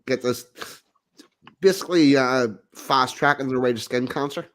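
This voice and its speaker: A man co-hosting a casual chat, reading out comments and cracking short jokes. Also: mid-range voice. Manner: quick one-liners and short replies. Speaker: podcast co-host.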